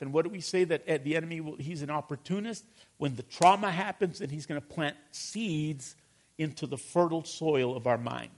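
A man preaching a sermon to his congregation, calling for responses and asking them questions. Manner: drops to a low mutter on repeated verses. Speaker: pastor.

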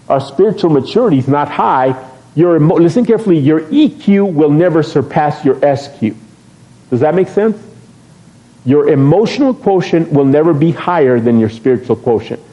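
A middle-aged man preaches from the pulpit with a warm, relaxed tone, teasing his congregation and asking them questions as he goes. His voice sits a little high for a man. The recording is dull and lo-fi. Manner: lively, joking with the congregation, asks questions. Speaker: pastor. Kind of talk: sermon.

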